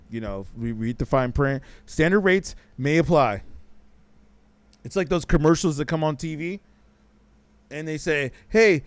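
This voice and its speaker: Male stream host, higher-pitched and smooth, with a dry close sound. He is slangy and jokey, repeats himself and breaks into sudden animated bursts. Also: no room sound. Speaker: talk show host reading live chat. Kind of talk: casual live-stream chat.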